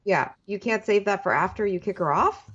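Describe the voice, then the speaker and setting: A woman's voice: medium pitch, normal speed, a bit bright, slightly rough, lo-fi sound. A woman co-hosting a casual chat, making dry jokes. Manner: dry, wisecracking. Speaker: podcast co-host.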